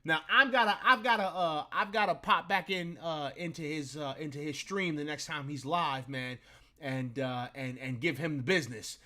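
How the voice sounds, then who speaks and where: A man's voice: on the high side, moderate pace, bright, forceful tone. A man hosting a live sports talk stream, playful and laughing a lot as he trash-talks. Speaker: host.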